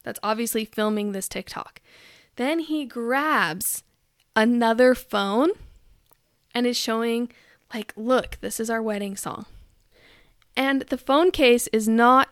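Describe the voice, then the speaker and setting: A woman's voice: a little high, unhurried, clean tone, no room sound, studio quality. A young woman vlogging in casual chat, ranting with lots of filler "likes" and acting out quoted voices.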